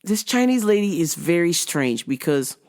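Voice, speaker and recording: A woman's voice: lowish voice, sing-song, moderate pace, a little mellow. A woman telling blunt, profane work stories on her show, laughing often. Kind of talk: casual storytelling rant.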